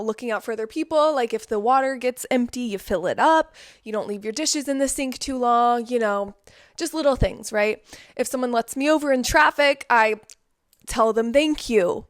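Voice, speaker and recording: A woman's voice: a little high, dry recording, clean studio sound. A young woman from the Southern United States talking casually in a vlog, with lots of "like" and "um". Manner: chatty, peppered with "like" and "um". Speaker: vlogger.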